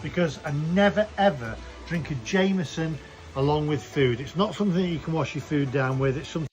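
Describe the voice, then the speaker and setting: Brief: man, slightly high voice, chatty food vlog, faint music behind. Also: fairly quick, a little mellow, muffled recording. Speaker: vlogger. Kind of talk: casual food vlog chat.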